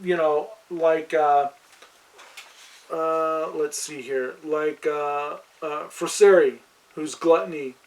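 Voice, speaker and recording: A man's voice: on the high side, fairly even intonation, slow, distant mic, rough recording. Rambling man running a fantasy world. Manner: rambling, hesitant with fillers. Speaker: game master. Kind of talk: casual podcast chat.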